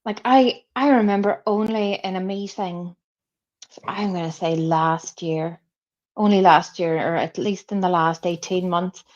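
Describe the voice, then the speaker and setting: A woman in a casual online chat, telling a story slowly and emphatically. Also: on the low side. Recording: dull lo-fi audio.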